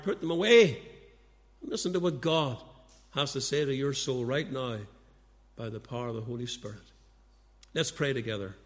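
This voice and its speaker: Pleading preacher man in a reverberant hall. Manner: pleading, repetitive rhetorical questions; swings between loud urgent appeals and hushed low warnings. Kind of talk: evangelistic sermon. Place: church service.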